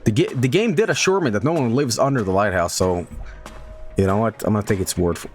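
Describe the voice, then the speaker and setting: A man streaming a horror game, making rambling jokes and chatting between moments. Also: lowish voice. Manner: joking, rambling asides. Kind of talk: casual gameplay commentary.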